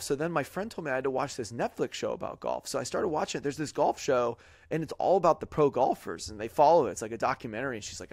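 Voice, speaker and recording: A man's voice: medium pitch, animated, fast talker, darkish tone, no echo, clean studio sound. A man hosting a podcast, telling a long story in a rambling way with lots of fillers and quoted voices. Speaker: podcast host. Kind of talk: casual chat.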